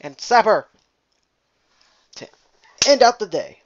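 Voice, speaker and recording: A man's voice: high-pitched, very animated, takes it slowly, lo-fi sound, a little hiss or hum. A young man rambling casually and profanely while commenting on a game he is playing. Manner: rambling, profane, jokey, trails off. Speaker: gameplay commentator. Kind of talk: casual let's play commentary.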